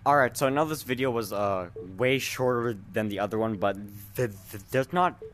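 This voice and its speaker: A woman gamer in a headset giving excitable VR gameplay commentary, often shrieking when chased. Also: very deep voice, moderate pace. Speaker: gaming channel host. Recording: loud game noise behind voice.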